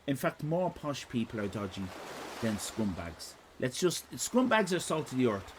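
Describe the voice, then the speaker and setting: Irish male streamer, digressive and swearing, with a bouncy, expressive voice and a faint hiss of room ambience. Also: medium pitch, normal speed. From Ireland. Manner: rambling, digressive, sweary, jokey. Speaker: live streamer host. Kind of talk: casual live-stream chat.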